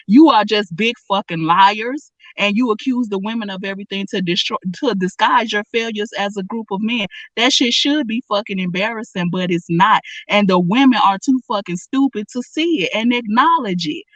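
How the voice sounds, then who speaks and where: A woman's voice: medium pitch, a bit bright, no echo. A woman guest on a livestream rants with heated, accusatory force. Her audio comes through dull and lo-fi, like call audio. It also sounds dry and close. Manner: ranting, accusatory. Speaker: stream guest. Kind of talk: heated commentary.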